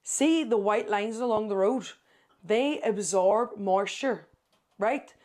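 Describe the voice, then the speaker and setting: A young woman with a Northern Irish accent, a podcast guest telling animated stories in casual chat, full of "aye" and "like.". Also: medium pitch, slow. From Northern Ireland. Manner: animated storyteller, swears to God, says aye and like a lot. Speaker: podcast guest, content creator.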